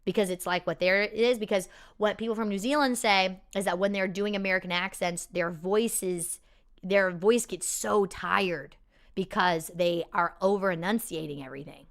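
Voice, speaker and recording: A woman's voice: medium pitch, moderate pace. A woman hosting a casual question-and-answer chat with viewers, rambling with many fillers and restarts and laughing easily. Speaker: performer hosting a live Q&A.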